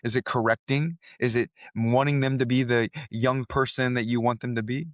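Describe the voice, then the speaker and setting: A man's voice: mid-range voice, flat delivery, moderate pace, no echo, studio quality. A man who works as a coach, co-hosting a podcast and telling stories from his coaching in an earnest, convinced way. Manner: earnest storytelling, speaks with conviction. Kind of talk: casual chat.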